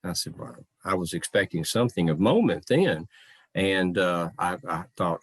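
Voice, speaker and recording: A middle-aged man with a low, deep voice tells a folksy, anecdotal story as a living historian, often quoting what others said to him. The sound is close and dry, with no room echo. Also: lively intonation, unhurried. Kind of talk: storytelling talk.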